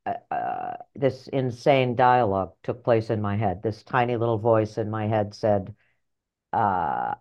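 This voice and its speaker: A middle-aged woman author and life coach telling her story in an interview, animated and blunt, acting out voices in her head. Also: rumbling low, measured pace, lo-fi sound. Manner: animated, acts out inner voices, earthy phrasing.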